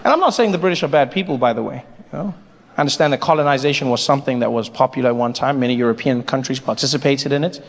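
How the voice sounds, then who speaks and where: A male stand-up comedian performing an animated, mocking routine live on stage. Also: mid-range voice, rapid-fire. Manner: animated, mocking, rising to shouts. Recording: reverberant theater with faint noise.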